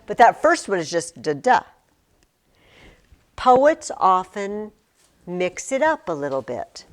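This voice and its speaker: A middle-aged woman teacher speaks in a classroom, and her voice swoops up and down with lively energy. She chants rhythms aloud and chats with her students as she goes. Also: medium pitch, a little slow.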